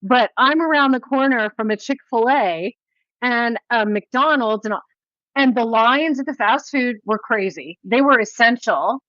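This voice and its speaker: A woman hosting a podcast interview, talking in an animated, rambling way with casual swearing. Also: fairly high pitch, a little slow, dry recording. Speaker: podcast host. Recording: dull lo-fi audio.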